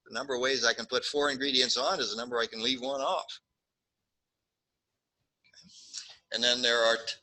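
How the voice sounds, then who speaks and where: A statistics lecturer with a medium-pitched voice jokes his way through problems in class, animatedly acting out little scenes. The audio quality is poor.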